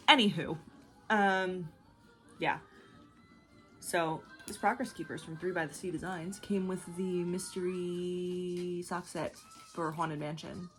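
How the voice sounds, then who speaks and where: A woman's voice: lowish voice, fairly even intonation, measured pace, faint music behind. A young woman hosting a knitting video, talking in a chatty, rambling way with lots of fillers. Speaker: knitting podcast host. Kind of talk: casual chat.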